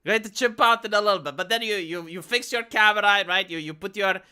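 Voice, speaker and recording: A man's voice: high-pitched, quick pace, bright, forceful tone, smooth. A man live streaming, talking casually and sarcastically to his chat with frequent stammered restarts. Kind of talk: casual rambling stream talk.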